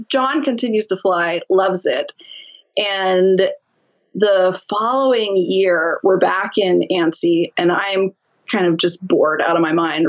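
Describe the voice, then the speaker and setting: A woman guest telling a lively story in a casual interview, laughing often as she talks. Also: on the low side, dull audio.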